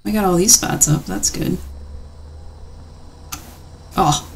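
A woman's voice: fairly low pitch, slow pace, gravelly, slight background noise. A woman giving playful, jittery commentary while playing a horror game. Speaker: gaming channel host. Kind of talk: let's play commentary.

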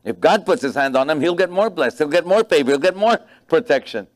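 Fairly quick and on the high side, a man preaches as a pastor. He animatedly tells stories, puts stress on important phrases, and acts out conversations using distinct voices.

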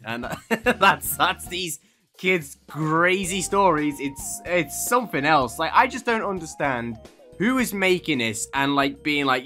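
A man's voice: fairly high pitch, expressive, unhurried, sharp tone, faint music behind. A young man doing comedic reaction commentary, sarcastic and laughing often, breaking into mocking voices. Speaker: YouTuber reacting to posts.

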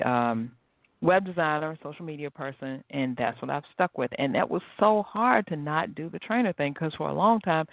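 A woman's voice: low voice, no echo. A woman hosts a solo motivational talk, chatting freely and telling stories with animation. Her voice comes through a narrow, tinny phone-like line. There is no room sound around it at all. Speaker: podcast host.

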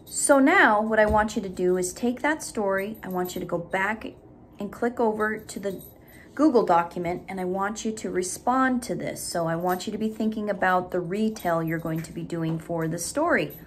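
A woman teacher recording a reading lesson, explaining things deliberately and reading a story aloud. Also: mid-range voice, slight background noise. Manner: slow, deliberate, instructive.

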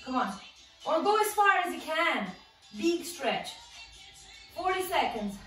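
A woman's voice: sits high, big pitch swings, measured pace, long pauses, a bit bright, echoey room, recorded from a distance, soft background music, poor audio. Breathless woman coaching a home workout. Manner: encouraging, counts down and cheers on while exercising. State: out of breath from exercising along. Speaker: fitness instructor.

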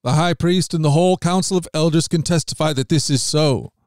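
A man reading Bible passages aloud as a podcast host, in a measured, steady manner that lifts slightly on quoted speech. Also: fairly high pitch, no echo, studio quality.

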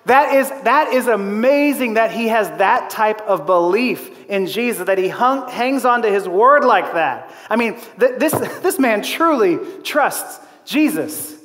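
A man with a fairly high voice preaches to his church, telling a story with lively energy, chuckling along and slipping into the voices of the people in it. His words ring out with a long reverb from the hall. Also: measured pace, hardly any pauses. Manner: animated storytelling with laughs and acted-out quotes. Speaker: pastor. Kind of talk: sermon. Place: church auditorium.

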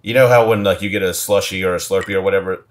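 Brief: male comedy podcast co-host, very low voice, loose rambling storyteller. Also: steady tone, rapid-fire. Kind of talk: casual podcast banter.

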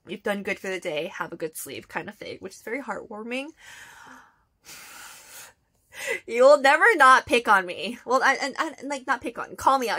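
A woman's voice: medium pitch, sharp tone. A woman in her twenties telling a story in a casual vlog, rambling with many fillers and squealing when she retells her own flustered replies. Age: 20s. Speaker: vlogger.

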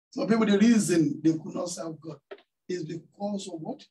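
A pastor preaching in church, his voice fairly high-pitched but mellow and dark in tone. He tells a story and keeps throwing questions out to the congregation, and he sounds set back from the microphone. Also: fairly even intonation, moderate pace, far from the mic, low-quality recording. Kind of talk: sermon. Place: church hall.

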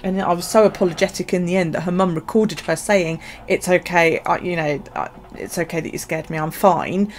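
A chatty middle-aged woman with a fairly low, gravelly voice, telling everyday stories and swearing now and then. Soft music plays faintly underneath. Her tone is casual and talkative. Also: fairly quick, hardly any pauses. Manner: chatty storytelling, swears freely. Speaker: journaling vlogger. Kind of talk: casual chat.

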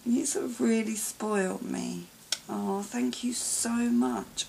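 Gushing low-voiced woman, gravelly softness. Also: takes it slowly, slight background noise, rough recording. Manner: gushing, gasping and sighing with delight; often drops to a soft whisper. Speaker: craft vlogger. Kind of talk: gift unboxing vlog.

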